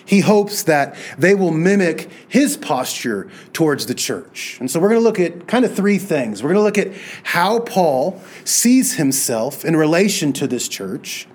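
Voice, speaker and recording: A man serving as pastor, preaching a conversational sermon with storytelling, slow and deliberate at times. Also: fairly high pitch, darkish tone.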